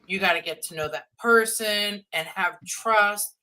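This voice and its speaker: A woman's voice: medium pitch, a little slow, bright, forceful tone, rough recording. A woman on a podcast panel, giving earnest advice in a casual, agreeable way.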